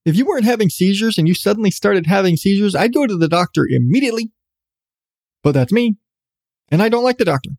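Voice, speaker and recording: A man's voice: high-pitched, lively intonation, fast talker, darkish tone, no echo, studio quality. Sarcastic, profane podcast host man. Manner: profane, sarcastic ranting with laughs. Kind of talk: solo podcast commentary.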